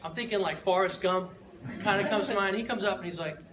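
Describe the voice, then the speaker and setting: A man's voice: high-pitched, quick pace. A man giving a humorous storytelling speech at a speaking club, keeps checking in with "right?" and chuckles often. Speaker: Toastmasters speaker. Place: room with an audience. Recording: echoey room from far off, noisy.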